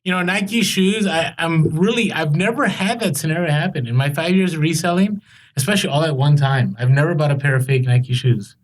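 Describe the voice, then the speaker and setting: Male podcast co-host, slightly high voice, chatty storyteller who trips over his words. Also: a little fast. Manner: rambling storyteller, many fillers and restarts. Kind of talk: casual chat.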